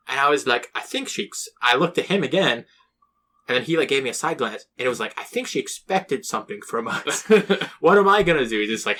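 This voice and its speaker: A man's voice: medium pitch, sharp tone. A young man co-hosting a podcast, telling a rambling story with lots of swearing and acted-out quotes. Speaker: podcast co-host. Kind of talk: casual chat.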